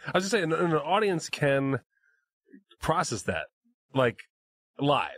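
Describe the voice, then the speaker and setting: A man co-hosting a podcast in casual chat, agreeable and quick to chime in with assent. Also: fairly high pitch, big pitch swings, fairly bright tone, no echo. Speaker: podcast co-host.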